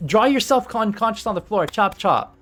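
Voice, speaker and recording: A man's voice: high voice, animated, normal speed, faint music behind. Man in a put-on Valley Girl voice. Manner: bubbly, sarcastic, swears casually. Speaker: game master and streamer. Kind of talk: running a live tabletop game.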